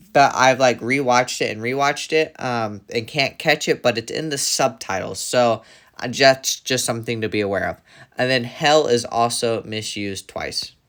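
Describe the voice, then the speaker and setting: A man gives an earnest, casual review, listing points with some hesitation. His voice is bright and a bit tense, at an ordinary pitch. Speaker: show reviewer.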